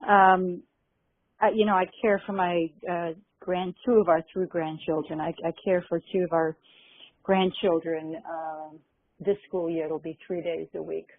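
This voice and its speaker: An older woman with a low, husky voice tells a story gently, pausing often. She sounds dry and close, and her voice comes through a narrow, tinny phone line. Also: flat delivery, no echo. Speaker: guest minister and spiritual teacher. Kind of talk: conversational storytelling.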